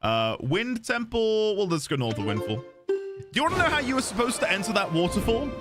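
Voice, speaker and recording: Excitable man streaming a game. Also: high-pitched, fairly quick. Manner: excitable, joking. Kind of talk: live game commentary. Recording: game music behind.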